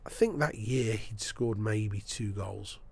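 A man's voice: on the low side, slow, vocal fry, breathy edge. A man, a sports broadcaster telling stories in a podcast interview and acting out the people he quotes. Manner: lively storyteller, acts out the people he quotes. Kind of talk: anecdotal storytelling in a podcast interview.

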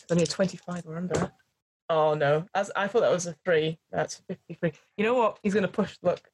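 A woman running a tabletop horror game as game master, narrating scenes dramatically and quickly. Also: fairly low pitch, steady tone, a little hiss or hum.

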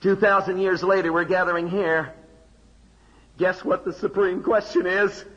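A man preaching a sermon, emphatic, with rhetorical questions and dramatic pauses. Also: sits high, little pitch movement, fairly bright tone, dull audio. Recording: long hall reverb.

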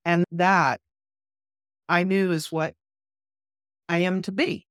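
An earnest woman minister retells a personal story for an interview, voicing the dialogue as she goes. Her voice sits fairly low, and the recording is dry and close with no room sound. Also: slow, no room sound. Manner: animated, vivid retelling that acts out quoted dialogue. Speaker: podcast guest.

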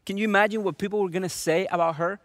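Male pastor, high voice, dry close recording, earnest sermon delivery. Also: steady tone, rapid-fire, a bit bright, no echo. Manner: earnest, with many rhetorical questions.

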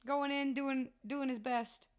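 Animated woman podcast co-host. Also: high-pitched, slow, clean tone. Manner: animated and expressive, swears freely, laughs often. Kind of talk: casual podcast chat.

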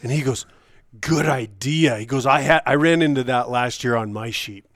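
A man co-hosting a podcast, telling a hunting story in a casual, animated way, often laughing as he acts out what people said. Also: medium pitch, a little fast, dry recording, studio quality. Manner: animated, laughs often while acting out quoted dialogue. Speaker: podcast co-host.

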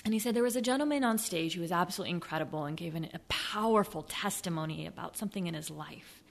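A woman hosting a motivational sales podcast, animated, acting out excuses in a high mocking voice and sometimes dropping to a soft near-whisper. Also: quick pace, creaky. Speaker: podcast host, sales coach. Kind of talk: motivational solo podcast talk.

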